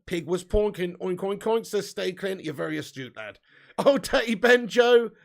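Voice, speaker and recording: A man's voice: high voice, expressive, normal speed, gravelly, a little mellow. A man hosting a live football watch-along, bantering and reading out viewers' chat names and score predictions. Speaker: fan channel host.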